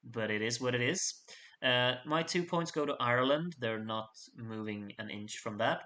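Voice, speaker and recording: A man's voice: medium pitch, moderate pace, sharp tone. A man hosting a live fan vote, reading out points with chatty, jokey asides to his audience. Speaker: host reading out fan contest votes. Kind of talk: casual live voting commentary.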